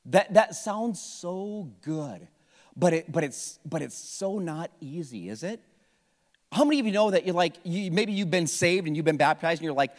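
Middle-aged male pastor, high animated voice, casual energetic sermon, long hall reverb. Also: moderate pace. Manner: energetic, conversational preaching with repetitions. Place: church sanctuary.

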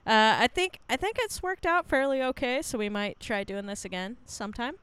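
A woman's voice: fairly high pitch, big pitch swings, normal speed, fairly bright tone, smooth, no echo. A woman co-hosting a casual podcast chat over a remote call, tipsy from drinking, chatty and giggly. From United States. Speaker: podcast co-host. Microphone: remote call mic.

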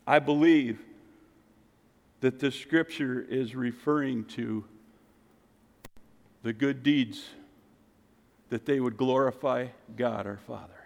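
A man preaching a sermon as pastor, swinging from loud exclamations to quiet, intense passages. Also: mid-range voice, slow, vocal fry, pauses often. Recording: long reverb of a church hall.

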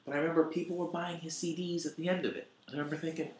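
A man hosting a podcast, telling comedy club stories in casual chat, animated and acting out quotes. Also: on the high side, very fast, echoey room. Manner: animated storyteller, acts out quotes.

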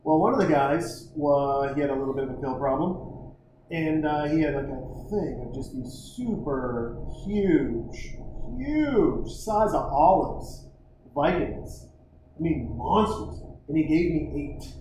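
A man's voice: a little high, animated, slow pace, heavy reverb, noisy background. A man telling a crude, rambling, self-mocking comic story and acting out the other people in it.

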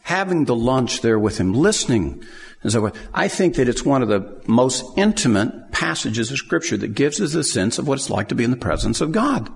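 A man's voice: mid-range voice, gravelly, a little mellow, long reverb tail. A man preaching a sermon in a conversational way, acting out the scenes he describes.

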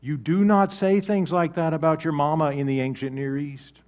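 Animated preaching man, lo-fi. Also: fairly high pitch, moderate pace. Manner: animated, conversational preaching with sudden soft drops. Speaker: pastor. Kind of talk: sermon.

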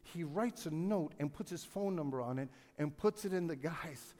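Man, pastor, sermon, high-pitched, call-and-response with the congregation, long hall reverb. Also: lively intonation, moderate pace. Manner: builds from low, quiet storytelling to loud, shouted peaks. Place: church sanctuary.

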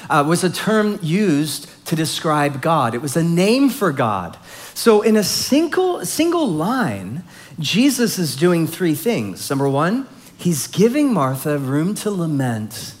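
Expressive male preacher, slightly high voice. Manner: expressive, acts out quoted lines with rising emphasis. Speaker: pastor. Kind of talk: sermon.

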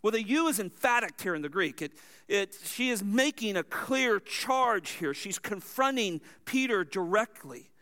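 Male preacher, high clear voice, teaching a sermon verse by verse, explanatory with asides. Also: expressive, unhurried, pushed and bright.

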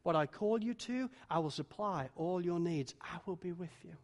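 A man voicing God as calm and reassuring, speaking slowly and softly within a sermon. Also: high-pitched, pitched below the performer's own voice. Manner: slow, soft, reassuring.

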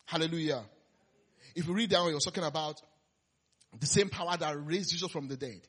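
A man preaching a conversational sermon, laughing often and swinging between loud emphasis and quiet asides. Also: a little high, a little fast, slightly rough.

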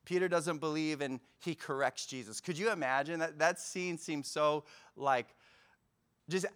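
A male pastor delivers a sermon in an easygoing, chatty manner. His voice is smooth and clear, set a touch higher than most men's. He acts out quoted lines with lively energy. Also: measured pace. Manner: conversational, animated retelling with acted-out quotes.

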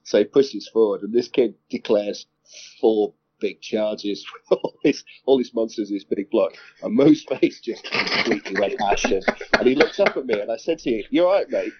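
A man's voice: fairly low pitch, animated, normal speed, a little hiss or hum. A man, co-hosting a casual podcast chat, telling a story with lots of laughter and the odd swear word. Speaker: podcast co-host. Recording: dull lo-fi sound.

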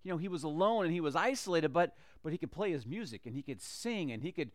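A man retelling a Bible story in a lively, conversational way, often restarting phrases. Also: on the high side, fast, no room sound.

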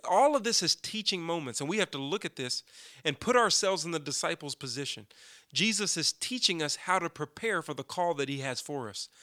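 Guy preaching on his podcast, kinda high voice, punchy and bright, super dry sound. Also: no room sound. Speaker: podcast host teaching scripture. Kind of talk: podcast Bible teaching.

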